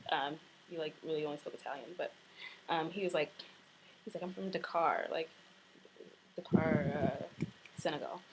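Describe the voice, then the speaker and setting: A woman's voice: fairly low pitch, background noise. A young woman vlogging from her apartment, telling a rambling story full of "like" and "um". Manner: rambling, filler-heavy storytelling with lots of "like". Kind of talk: casual chat. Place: apartment in Florence.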